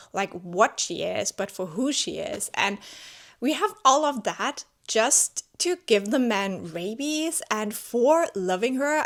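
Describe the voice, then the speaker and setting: A woman vlogging from home about a novel, talking in a loose, chatty way with lots of fillers and self-corrections. She speaks English as a second language and sounds openly moved, often exclaiming as she goes. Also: mid-range voice. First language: not English. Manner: chatty, heavy use of "like" and restarts; emotionally animated, exclaiming. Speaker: book vlogger. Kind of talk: casual spoken book review. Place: at home with her cat.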